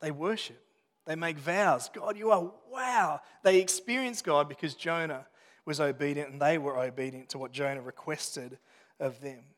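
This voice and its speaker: A fairly high-voiced man preaches a sermon, his words trailing into the long reverb of a church hall. He talks it through conversationally, with restarts and friendly asides. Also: moderate pace, a bit bright. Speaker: pastor.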